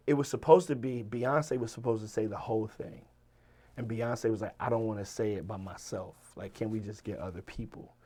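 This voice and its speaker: A man with a Virginia accent, a rapper telling stories as an interview guest in a casual, animated way, swearing and acting out the people he quotes. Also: medium pitch. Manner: animated, profane, quotes people in lively voices. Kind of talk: casual storytelling.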